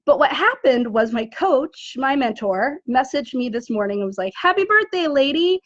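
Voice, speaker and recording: A woman's voice: fairly high pitch, normal speed, dry recording. A woman in her forties, a business coach, talking casually to an audience and often checking in with "right?". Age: 40s. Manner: chatty, animated, says "right?" often. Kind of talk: casual live video talk. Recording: dull, muffled dry audio.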